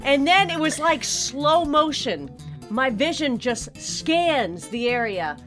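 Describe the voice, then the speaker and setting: An American woman in her forties, co-hosting a podcast and telling a story in casual chat, animated and laughing often. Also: high-pitched, takes it slowly, faint music behind. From United States. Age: 40s. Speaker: podcast co-host.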